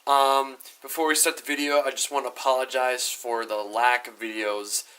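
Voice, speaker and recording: A man's voice: medium pitch, level tone, normal speed, pushed and bright, clear, resonant tone. A young man telling a story on his vlog in a chatty, rambling way, full of asides. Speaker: YouTuber.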